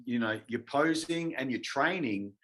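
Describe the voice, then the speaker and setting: Man asking a halting question. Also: mid-range voice, lively intonation, fairly bright tone. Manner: brief interjections, then a halting question. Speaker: podcast host. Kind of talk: casual interview chat.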